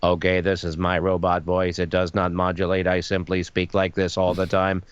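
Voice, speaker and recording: A man voicing an emotionless male robot in a flat, uninflected monotone. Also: deep voice, normal speed, clean tone, lo-fi sound, lightly acted. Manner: monotone, no inflection.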